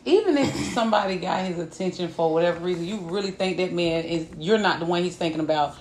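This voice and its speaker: A woman's voice: fairly low pitch, quick pace, a little mellow, roomy sound, a little hiss or hum. A woman co-hosting a podcast, giving frank, blunt advice in casual chat. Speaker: podcast co-host.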